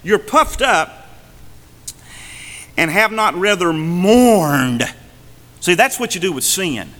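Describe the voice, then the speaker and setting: Man, pastor, sermon, lively pitch, emphatic then hushed, reverberant church hall. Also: slow pace. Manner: animated preaching, swinging from emphatic to hushed. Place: church sanctuary.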